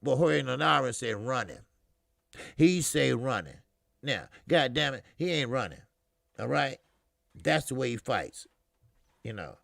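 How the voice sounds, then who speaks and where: A man's voice: mid-range voice, vocal fry, dry recording, clean studio sound. A middle-aged man hosting a casual boxing live stream, talking loosely with lots of swearing and fillers, answering viewers in the chat.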